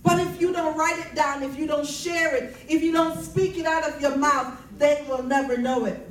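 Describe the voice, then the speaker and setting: A woman's voice: sits high, fairly even intonation, normal speed, slight background noise. A woman giving a faith-based personal testimony in an earnest, preaching cadence, repeating her key phrases. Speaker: speaker sharing personal testimony. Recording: roomy, distant mic.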